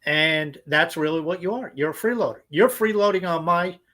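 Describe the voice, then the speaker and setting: Podcast co-host, male, high voice, blunt profane ranter. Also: normal speed, bright, forceful tone. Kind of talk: casual podcast chat.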